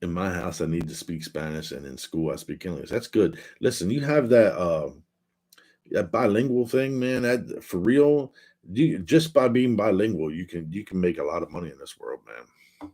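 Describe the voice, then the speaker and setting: Deep-voiced man chatting on a livestream. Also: lively intonation, moderate pace, darkish tone. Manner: laid-back, rambling, reads chat aloud. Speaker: livestream host. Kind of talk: casual livestream chat reading viewer comments. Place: at home, indoors.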